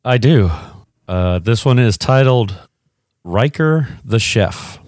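A man's voice: medium pitch, animated, takes it slowly, darkish tone, no room sound, studio quality. A man co-hosting a casual podcast chat, ranting with profane complaints. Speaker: podcast co-host.

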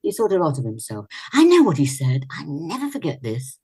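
An older actress and singer telling chatty anecdotes as an interview guest, laughing often. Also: female voice, deep voice, wildly swooping pitch, brisk, warm tone, husky.

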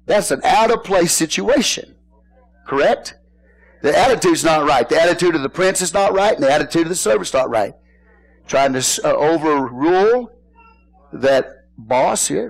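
A man's voice: on the high side, rough recording. A man preaching a sermon in church, folksy and joking, often asking the congregation questions. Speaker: pastor.

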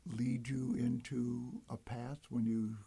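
A man's voice: medium pitch, flat delivery, takes it slowly, gravelly, dark tone, husky. A man from Detroit hosting an interview, asking questions and thanking his guest often. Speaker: talk show host. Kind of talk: interview host.

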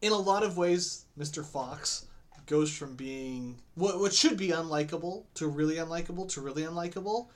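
A man's voice: on the high side, normal speed. A man chatting casually as a podcast co-host, enthusiastic, often restarting with repeated words. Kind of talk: casual chat.

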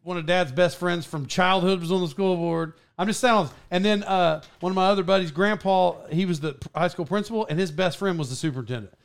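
High-voiced man rambling through a story. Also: fast talker, vocal fry, hardly any pauses, smooth. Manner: rambling, laughing, many restarts. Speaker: podcast host. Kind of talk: casual storytelling chat.

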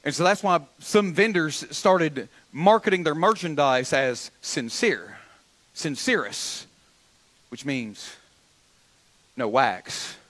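A pastor preaching a sermon to his church, calling on the congregation to answer back, with frequent stammered restarts and swings up to loud exhortation. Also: on the high side, slow pace. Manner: builds from calm teaching to loud, rising exhortation; frequent repeated starts and stammers. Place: church sanctuary.

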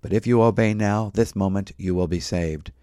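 A man's voice: on the low side, normal speed, warm tone, smooth, no echo, clean studio sound, natural voice. A man reading out the words of a plain-spoken lay preacher who urges his listeners with repeated pleas. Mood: urgent.

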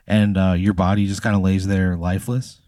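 A man's voice: sits low, level tone, fairly quick, dark tone, no room sound, clean studio sound. A man co-hosting a comedy podcast, telling an improvised hypothetical in a rambling, filler-heavy way. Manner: rambling, full of fillers and laughs.

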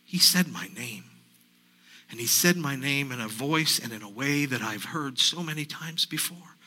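A man in character as a grieving woman disciple, telling her story in a halting sermon monologue that stumbles and repeats. The voice is mid-pitched and strikingly bright and tense, full of restarts. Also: animated, rough recording. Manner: halting, repeats himself, emotional retelling. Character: grieving woman disciple recounting the empty tomb. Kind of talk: first-person dramatic monologue sermon.

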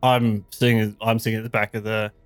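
Flat-toned male player. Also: fairly low pitch, brisk, clean tone, dry recording. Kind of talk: playing a tabletop game.

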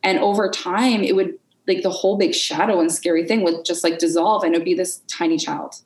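A woman as a podcast guest in an unscripted conversation, candid and expressive, swearing freely and acting out her inner voices. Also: lowish voice, fairly quick, roomy sound, poor audio.

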